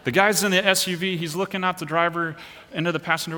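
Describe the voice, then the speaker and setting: A middle-aged pastor preaches to his congregation, telling a story with lively, animated energy that swells at the big moments. His voice is bright and forward. It carries a long reverb, as if it fills a church sanctuary. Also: fairly high pitch, quick pace. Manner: animated storytelling, rising and pushing hard at the exciting parts. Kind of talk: sermon with personal story.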